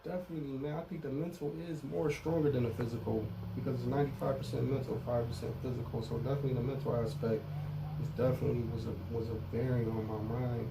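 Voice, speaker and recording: A man's voice: medium pitch, fairly even intonation, fast, vocal fry, far from the mic, noisy background. A middle-aged man speaking candidly as an interview guest in street slang, often saying "you know what I'm saying". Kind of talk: casual interview about prison time.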